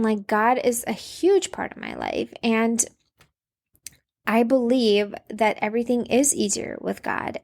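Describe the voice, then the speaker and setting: A woman in her thirties hosting an advice podcast, chatting casually with many fillers and soft laughs. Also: a little high. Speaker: podcast host.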